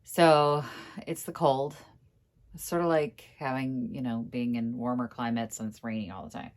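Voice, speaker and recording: A woman's voice: a bass voice, fairly even intonation, moderate pace, darkish tone. A middle-aged woman in a casual workshop vlog, talking to the camera as she works on a piece of furniture in a room at home. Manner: chatty, talks to camera while working, mutters when frustrated. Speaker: furniture flipper vlogger. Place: home workroom indoors.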